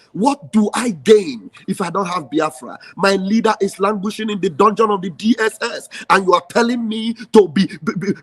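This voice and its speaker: A man with a Nigerian accent delivers a fiery, rallying speech. His voice sits high for a man. He hammers his points home, repeating phrases for emphasis. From southeastern Nigeria. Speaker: activist.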